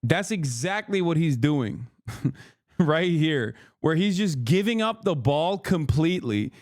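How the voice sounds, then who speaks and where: A man's voice: a little high, expressive, takes it slowly, a little mellow, no echo, studio quality. A man streaming, giving casual, profane reaction commentary and mimicking friends.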